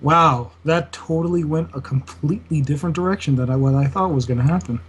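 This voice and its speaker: A man's voice: a little high, brisk, a little hiss or hum. Sarcastic young man co-hosting. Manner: sarcastic, teasing, laughs often. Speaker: podcast co-host. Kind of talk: casual gaming podcast chat.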